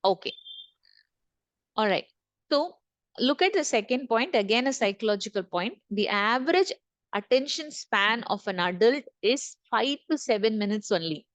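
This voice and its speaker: A woman's voice: on the high side, animated, moderate pace, no echo. A woman trainer leading an online session, repeating key points and asking the group questions. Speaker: corporate trainer. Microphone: video call.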